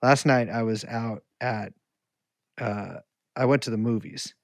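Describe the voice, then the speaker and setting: A man's voice: medium pitch, steady tone, a little slow, vocal fry, no room sound, clean studio sound. A man co-hosting a podcast, telling rambling, profane, jokey stories in casual chat. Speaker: podcast co-host.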